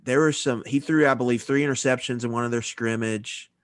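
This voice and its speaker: A man's voice: medium pitch, fairly even intonation, fairly quick, no echo. Man, matter-of-fact sports talk, dry close sound, casual podcast. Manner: matter-of-fact, rattles off notes. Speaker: podcast co-host.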